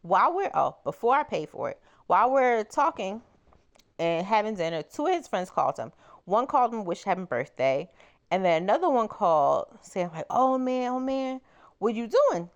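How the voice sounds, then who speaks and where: A woman crochet vlogger chatting casually as she tells a personal story, animated and exclaiming. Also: mid-range voice, normal speed, lo-fi sound.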